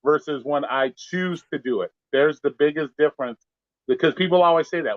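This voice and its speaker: A delivery driver chats on a live stream, cursing freely and re-enacting his run-ins with customers. His voice sits a little high for a man. The sound is dull and dry, as if through a cheap mic. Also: moderate pace, no room sound. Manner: profane, blunt storytelling with quoted back-and-forth. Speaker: gig delivery driver, co-host. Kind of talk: casual live-stream chat.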